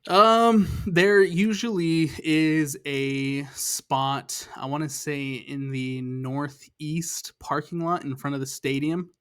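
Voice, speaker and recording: A man joining a casual soccer podcast as a guest, relaxed and hesitant, with lots of fillers as he gives tips. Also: fairly high pitch, slow, hardly any pauses, clear, resonant tone, no room sound, studio quality. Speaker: guest from a fan show.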